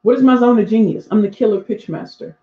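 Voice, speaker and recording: Reading out comments on her live stream, a speaking coach in her forties talks directly to viewers in a mellow, mid-range voice at a fast clip. The audio is lo-fi and dull, with an echoey room.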